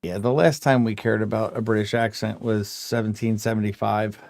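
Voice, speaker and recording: A man with an East Coast American accent hosting a casual livestream, profane and joking, quick to interrupt. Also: on the low side, fairly even intonation, gravelly, a little mellow, dry recording. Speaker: livestream host. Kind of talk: casual chat.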